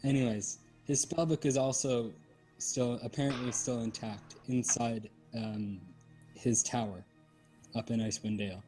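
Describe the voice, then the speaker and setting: A playful man playing his character in a tabletop game, halting and filling his speech with ums. Faint music plays behind him. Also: mid-range voice, steady tone, warm tone. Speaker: player.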